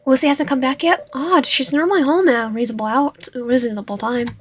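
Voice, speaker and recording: A woman's voice: high-pitched, fast, slight background noise. Woman reading a visual novel aloud. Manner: reads dialogue and narration with lively reactions, some whispered lines. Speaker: streamer playing a visual novel. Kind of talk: reading game text aloud while playing.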